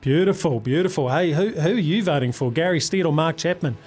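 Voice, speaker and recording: A man's voice: fairly high pitch, brisk, a little mellow. A man hosting a radio sports quiz, chummy and upbeat, calling callers mate. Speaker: radio sports show host.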